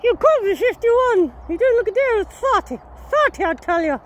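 A woman voicing a gushing, fawning flatterer in a squeaky, exaggerated voice, outdoors on a walk. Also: a little fast, slight background noise.

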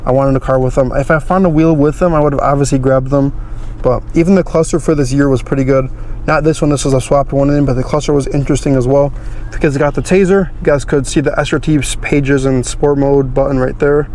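A man's voice: mid-range voice, fairly even intonation, quick pace, warm tone, a little hiss or hum. A young man hosting a car channel, giving an easygoing, chatty walkthrough of his car's features.

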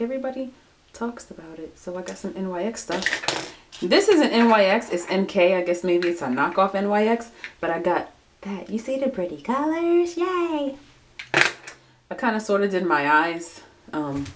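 A young woman chatting casually into her home camera, scattered and self-mocking, swinging from loud bursts to low mutters. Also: slight background noise. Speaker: vlogger. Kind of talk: casual vlog chat.

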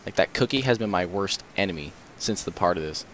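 Young man, casual gaming chat, lively, laughs often. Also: a little fast. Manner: excitable, joking, laughs a lot, big pitch jumps. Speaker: gaming YouTuber.

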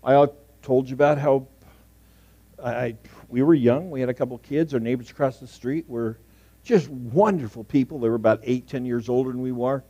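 Middle-aged male pastor preaching in church, anecdotal, shifts from loud to near-whisper. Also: medium pitch, normal speed, lo-fi sound. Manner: storytelling, swings from loud emphasis to hushed asides. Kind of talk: sermon. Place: church sanctuary.

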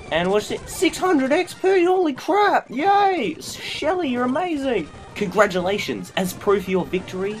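A young man, giving excitable, joking commentary while playing a video game. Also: mid-range voice. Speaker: let's play host. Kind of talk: gameplay commentary.

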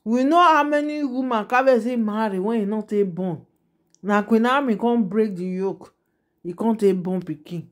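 A woman's voice: fairly high pitch, moderate pace. Chatty Nigerian Pidgin woman gossiping. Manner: chatty, addresses viewers directly with repeated asides. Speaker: gossip vlogger. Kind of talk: casual gossip commentary.

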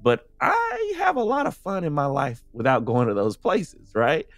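A man's voice: fairly high pitch, wildly swooping pitch, moderate pace, no room sound, faint music behind. A man from the United States, a podcast guest, speaking in a casual, earnest conversational way and often saying "you know".

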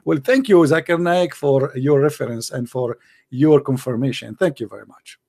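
A man's voice: medium pitch, normal speed, vocal fry, darkish tone. A man giving mocking commentary, sarcastic and mock-incredulous. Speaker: debater hosting a call-in style talk.

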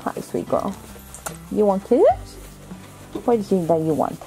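A woman's voice: mid-range voice, wildly swooping pitch, a little slow, pauses often, over music, rough recording. A woman homesteader, middle-aged, in a goat pen, talking to her baby goats in cooing, affectionate baby talk. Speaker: homesteader vlogger.

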